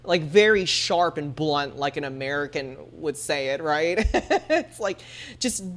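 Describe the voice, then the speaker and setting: A woman's voice: low voice, unhurried. A woman streamer chatting casually and laughing often, using many fillers. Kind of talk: casual chat.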